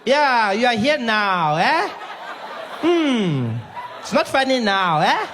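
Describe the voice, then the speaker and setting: A man playing a sneering hospital receptionist, her voice pitched way up high and brash, every taunt ending in a drawn-out "eh?". Recorded live in a comedy club, with audience noise clearly audible underneath. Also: very animated, a bit bright, exaggerated voice. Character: gruff, mocking hospital check-in woman.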